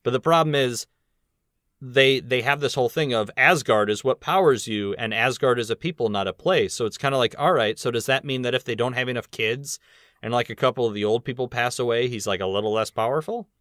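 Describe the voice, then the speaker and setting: In a casual podcast chat, the male host rambles and laughs easily between points. He has a medium-pitched, fairly bright voice, and the recording is dry and studio quality.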